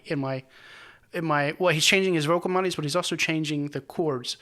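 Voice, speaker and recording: Bright-voiced man breaking down a song. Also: on the high side. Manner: enthusiastic, often restarts mid-sentence while explaining; earnest and moved, speaks about the song with feeling. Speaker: music reaction channel host. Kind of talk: casual song reaction and chord breakdown.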